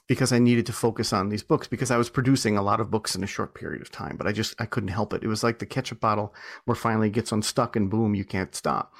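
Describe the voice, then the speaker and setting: Chatty gravelly-voiced man telling stories. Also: fairly low pitch. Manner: chatty, self-deprecating, laughs often, many restarts. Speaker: author and entrepreneur guest. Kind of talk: casual storytelling interview.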